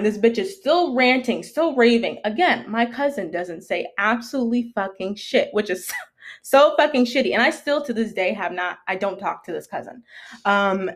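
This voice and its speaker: A young woman co-hosting a podcast, telling a story in casual, profane chat and acting out the people in it. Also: a little high. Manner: animated, profane, quotes people in shifting voices. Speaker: podcast co-host.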